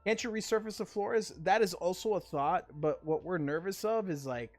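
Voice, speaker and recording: A man's voice: sits high, normal speed, faint music behind. A male livestream host in a casual chat, ranting emphatically and swearing freely.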